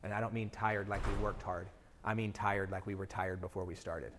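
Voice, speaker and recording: A middle-aged man giving a motivational keynote speech, energetic and throwing rhetorical questions at the audience. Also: sits low, brisk, slight background noise. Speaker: keynote speaker. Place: large event hall. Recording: hall reverb from a live event.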